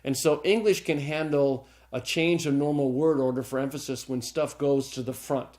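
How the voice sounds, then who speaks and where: A man's voice: medium pitch, steady tone, normal speed, darkish tone. A middle-aged man teaching Greek grammar in a recorded lecture, patient and chatty, often checking in with "okay?" and chuckling lightly as he explains.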